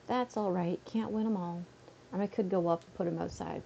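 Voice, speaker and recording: A woman's voice: lowish voice, fairly quick, vocal fry, mellow, a little hiss or hum. A woman from Canada chatting casually on a livestream at home, rambling with lots of "like" fillers. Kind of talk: casual chat. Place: at home, seated on a beanbag.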